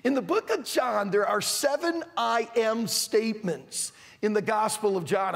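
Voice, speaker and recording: A man preaching an animated sermon to a congregation, calling on them to answer back. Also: sits high, unhurried, creaky, breathy edge. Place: large church or auditorium with long reverb. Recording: long hall reverb.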